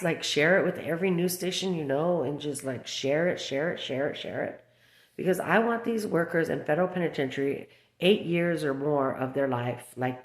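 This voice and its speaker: Woman, 30s, low voice, agitated rambling vlog rant, echoey room. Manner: agitated, rambling storytelling full of fillers. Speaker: mother speaking out about her children. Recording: roomy echo.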